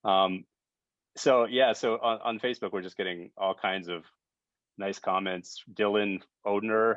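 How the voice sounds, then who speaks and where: A man's voice: fairly low pitch, fairly even intonation, unhurried, fairly bright tone, no room sound, highs cut off. A middle-aged man hosting an online gathering, talking casually with many restarts and fillers. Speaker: event host. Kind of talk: casual hosting on a video call.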